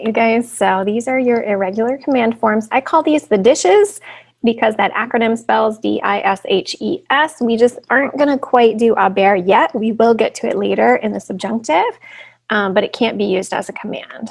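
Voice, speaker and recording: A woman's voice: fairly high pitch, creaky. A woman Spanish teacher giving a recorded classroom lesson, explaining step by step and often checking in with "right?".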